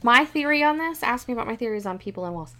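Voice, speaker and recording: A woman's voice: fairly high pitch, animated, quick pace, bright, forceful tone, slight background noise. A woman co-hosting a podcast in casual chat, reacting with frequent exclamations and sharing her own views. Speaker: podcast co-host.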